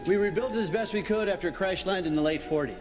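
A man's voice: sits high, quick pace, over music, lightly acted. An actor playing a laid-back, wisecracking man who mentors a group of young heroes. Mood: joking. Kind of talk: film dialogue.

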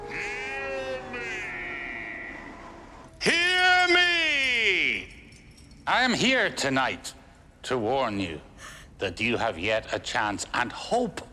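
An actor on a theatre stage playing a chained male ghost who delivers a slow, theatrical warning of doom. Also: lowish voice, sharp tone. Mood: dire warning. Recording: long hall reverb from far off.

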